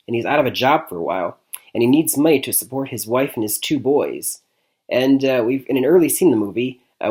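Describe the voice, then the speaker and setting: A man's voice: mid-range voice, a little mellow. A man from Michigan giving a casual, chatty movie review. He talks loosely, with frequent "I mean" and "like I said", and he laughs often. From Michigan, USA.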